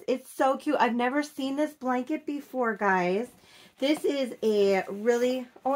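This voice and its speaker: A woman from Minnesota, chatting casually as she unboxes a doll and gushes over it with soft cooing and many fillers. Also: sits high. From Minnesota, United States. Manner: slow and unhurried, with many fillers. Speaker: doll collector vlogger.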